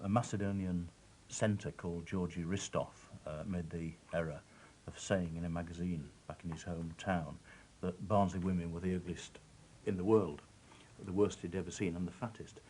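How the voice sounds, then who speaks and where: A man recounting a past event in an interview, in a relaxed way. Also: low voice, normal speed, slight background noise, low-quality recording. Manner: relaxed, with fillers and restarts.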